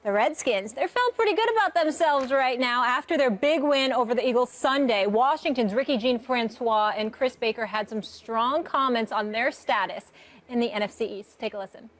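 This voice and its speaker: A woman moderating a sports debate show in a brisk, matter-of-fact way. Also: on the high side, expressive.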